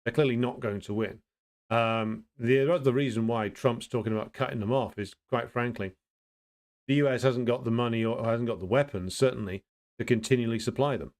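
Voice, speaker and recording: A man hosting a casual livestream, greeting viewers and answering their comments in a blunt, opinionated way, pausing often to think and restarting his sentences. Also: medium pitch, a little mellow. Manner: thinks aloud with frequent pauses and restarts. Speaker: livestream host.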